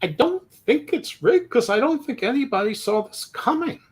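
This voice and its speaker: A man's voice: very high-pitched, lively intonation, moderate pace, husky. A man co-hosting a sports podcast in casual chat, rambling through his points with self-deprecating jokes. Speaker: podcast co-host.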